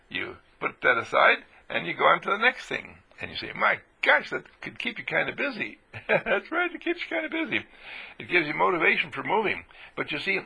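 A man giving an exuberant motivational talk on radio, swinging between hushed and loud and laughing often. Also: on the high side, gravelly, breathy edge. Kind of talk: animated motivational monologue.

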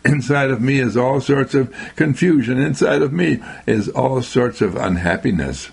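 Gravelly, emphatic man giving a daily thought. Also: mid-range voice. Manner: slow, emphatic, repetitive, exclaiming. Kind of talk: inspirational radio talk.

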